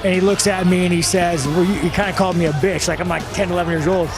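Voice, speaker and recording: A man's voice: high voice, fairly even intonation, fast, over music. A man speaking at a post-fight press conference, telling a story in a blunt, profane, rambling way.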